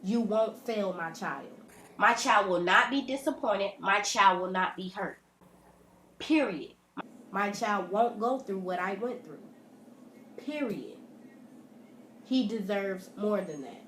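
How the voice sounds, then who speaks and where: A woman's voice: mid-range voice, animated, takes it slowly, pauses often, fairly bright tone, a little hiss or hum. A woman, speaking bluntly and profanely in a direct-to-camera vlog rant at home. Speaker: vlogger. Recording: echoey room.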